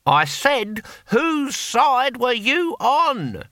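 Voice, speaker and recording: A man's voice: high voice, wildly swooping pitch, slow pace, sharp tone, no room sound, pitched above the performer's own voice, full character voice. A male narrator voicing a weary, sardonic old barbarian. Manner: dry, weary.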